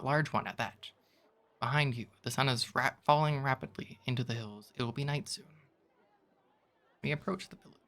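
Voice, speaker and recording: A man reads an adventure gamebook aloud on stream. He mixes the narration with loose, joking asides. His voice is bright and sharp, at an ordinary pitch. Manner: casual, chuckling asides.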